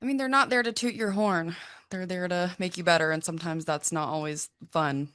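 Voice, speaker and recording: A woman's voice: lowish voice, brisk, a bit bright, no room sound, clean studio sound. A woman on a panel giving brief, matter-of-fact answers. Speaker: panel guest. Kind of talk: casual answers to questions.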